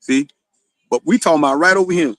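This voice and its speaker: Quick and fairly bright, a fairly high male voice carries a rambling stream monologue from a Florida host who swears a lot and leans on "you know." There's no room sound.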